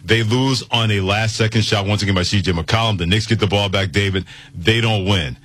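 Husky-voiced male sports radio host. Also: fairly low pitch, a little fast, a bit bright. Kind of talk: sports talk radio chat.

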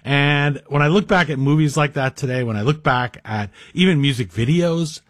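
A man's voice: on the high side, normal speed, no room sound. A middle-aged man guest-hosting a talk radio show, delivering a chatty monologue with wry, self-deprecating asides. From Greek heritage. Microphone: studio microphone.

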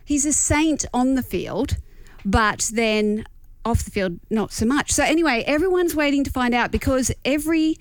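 A woman co-hosting a radio show in casual banter, chatty and animated, quick to laugh. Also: sits high, dry recording. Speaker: radio co-host. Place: radio studio. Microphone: studio mic.

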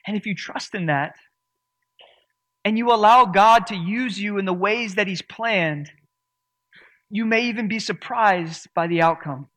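A man delivers a sermon to his congregation with a noticeably high voice. He preaches earnestly, leaning on certain words for emphasis. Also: unhurried, pauses often, bright, forceful tone. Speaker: pastor.

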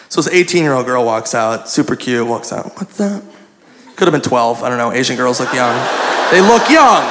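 A man's voice: a little high, vocal fry, a bit bright. A man doing stand-up, telling a crude story and acting out the dialogue, recorded live on a club stage with a handheld mic. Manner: acts out quoted dialogue, crude and profane. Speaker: stand-up comedian. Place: comedy club stage before a live audience. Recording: live club recording with audience laughter and noise.

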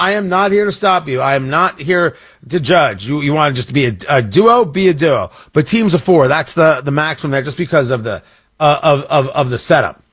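Rambling, husky-voiced radio host. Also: male voice, a little high, a bit bright, no room sound. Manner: rambling, self-interrupting, jokey. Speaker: radio talk show host. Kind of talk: casual radio talk.

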